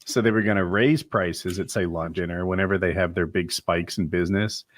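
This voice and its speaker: Low-voiced man explaining calmly. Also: brisk, dry recording, studio quality. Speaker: podcast co-host. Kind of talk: casual podcast chat.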